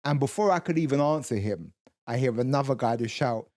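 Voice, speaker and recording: A man's voice: mid-range voice, fairly quick, a little mellow. A man co-hosting a podcast, telling a long story with lots of restarts, quoted voices and swearing. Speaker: co-host. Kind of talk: casual storytelling chat.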